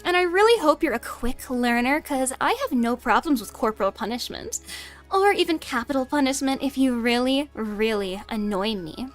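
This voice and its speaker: A woman's voice: high-pitched, expressive, normal speed, faint music behind. A young woman streaming in character, teasing and bossy like a playful commanding officer. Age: young adult. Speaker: VTuber streamer.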